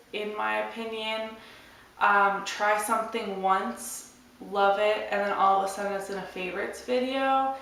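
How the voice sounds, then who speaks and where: A young woman chatting to camera about her monthly favourites, hoarse and losing her voice, rambling in a relaxed way. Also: mid-range voice. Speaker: beauty vlogger. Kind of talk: casual chat to camera. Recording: echoey room, mic at a distance.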